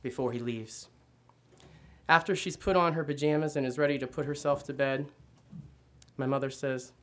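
A man giving a measured first-person reading of literary fiction. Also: mid-range voice, fairly even intonation. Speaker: reader.

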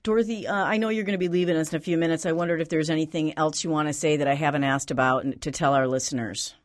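Radio host, woman, low voice, dry studio sound; easygoing, filler-heavy questioning. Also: fast, dry recording. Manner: relaxed, with many fillers. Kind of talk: radio interview.

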